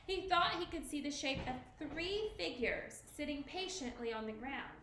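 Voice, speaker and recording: High-voiced woman reading a story aloud. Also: lively intonation, normal speed, fairly bright tone, echoey room, a little hiss or hum, rough recording. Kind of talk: storybook read-aloud to children.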